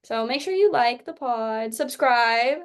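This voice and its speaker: A woman's voice: fairly high pitch, expressive, measured pace, slight background noise. A young adult woman co-hosting a podcast in casual chat, chatty with lots of filler words. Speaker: podcast co-host.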